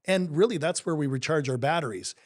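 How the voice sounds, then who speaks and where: A man's voice: fairly high pitch, expressive, a little fast. Upbeat middle-aged male co-host. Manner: upbeat, emphatic storyteller. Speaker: co-host, life coach. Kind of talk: casual podcast conversation.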